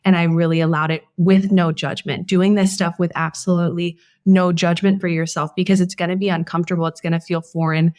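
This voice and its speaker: A woman hosting a podcast in a relaxed conversation. She speaks in a lowish voice that is earnest and heartfelt, and thinks aloud as she goes. The sound is dry and close, with hardly any room around it. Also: fairly quick, hardly any pauses, no room sound. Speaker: podcast host. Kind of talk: casual conversation.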